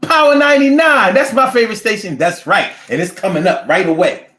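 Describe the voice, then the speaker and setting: A man's voice: high voice, big pitch swings, fairly quick, fairly bright tone, pitched below the performer's own voice. A man doing a chipper radio DJ. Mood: upbeat. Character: male radio DJ taking a caller. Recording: roomy echo.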